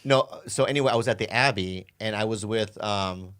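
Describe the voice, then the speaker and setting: A man co-hosting a comedy podcast in casual chat. He sounds exasperated and animated, swears a lot, stumbles over his words and repeats himself. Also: fairly low pitch, a little fast, no echo, clean studio sound. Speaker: podcast co-host.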